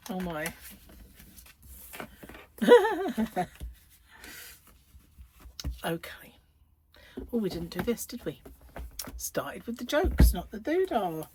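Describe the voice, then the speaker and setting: A woman's voice: a little high, big pitch swings, drawn-out words, pauses often, warm tone, slight background noise. A middle-aged woman hosting a crochet channel, chatting casually at home, rambling and laughing often. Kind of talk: casual chat to camera. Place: at home, indoors.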